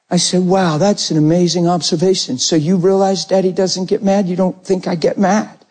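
A man's voice: high-pitched, normal speed, breathy edge. A middle-aged man preaching a sermon, telling family stories and acting out the voices of parents and children. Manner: animated storytelling, acting out family dialogue.

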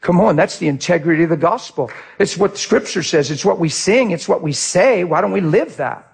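Male pastor, sermon, gravelly, high voice, passionate. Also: expressive, a little fast. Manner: passionate, swings from shouting to quiet.

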